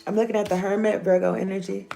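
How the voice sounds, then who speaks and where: A woman's voice: mid-range voice, flat delivery, fast, gravelly, warm tone. Woman w/ doing a tarot reading, chatty and cussing, bit of hiss behind. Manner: loose, joking, profane and chatty. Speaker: tarot reader.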